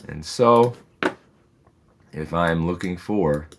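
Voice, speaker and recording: A man's voice: low-pitched, slow, a little hiss or hum. A man, a physics teacher, patiently and methodically walks through homework problems in a recorded lesson, with reassuring asides.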